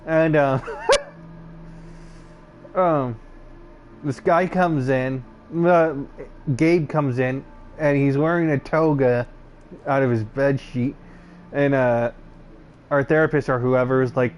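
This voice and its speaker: Slow and pausing often, this young man speaks in a mid-range, slightly mellow voice with a steady tone, and there's slight background noise. He hosts a channel and tells personal stories casually, rambling with many fillers and false starts.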